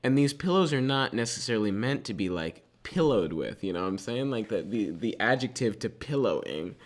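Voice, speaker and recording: A man's voice: fairly low pitch, sing-song, brisk. A teenage man co-hosting a podcast, telling a rambling story and pushing on through interruptions. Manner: rambling storyteller, keeps pushing on with side stories. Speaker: podcast co-host. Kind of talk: casual chat.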